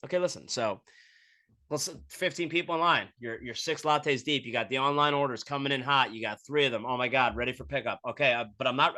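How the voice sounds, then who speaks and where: A man hosting a podcast with a crude, animated comedic ramble, acting out little scenes as he goes. His voice is bright and forward. It is recorded close and dry, with no room sound. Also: medium pitch, fairly quick, no room sound. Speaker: podcast host. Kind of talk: casual comedic monologue.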